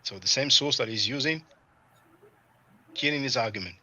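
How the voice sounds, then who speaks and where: Livestream host guy, super bright voice, chatty and animated, lots of you know. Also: mid-range voice, normal speed, low-quality recording. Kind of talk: casual livestream commentary.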